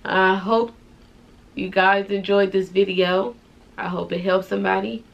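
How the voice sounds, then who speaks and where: A young woman speaks in a soft, heartfelt confessional vlog. Her voice sits at an everyday middle pitch and turns tearful at times. She talks informally, with casual slang. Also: fairly even intonation, a little slow, gravelly, highs cut off. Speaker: vlogger.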